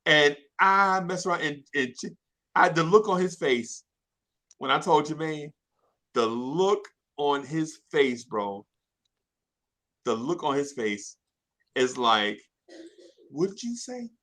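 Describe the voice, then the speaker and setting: A man telling a childhood story in casual chat, animated and slangy, often laughing. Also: a little high, slow pace, pauses often. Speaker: podcast storyteller.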